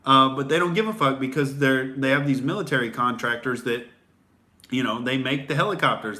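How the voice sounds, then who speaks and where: A man's voice: mid-range voice, fairly bright tone. A young man hosting a profane, sarcastic political rant, rambling with fillers. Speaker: comedian host. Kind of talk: ranting livestream commentary.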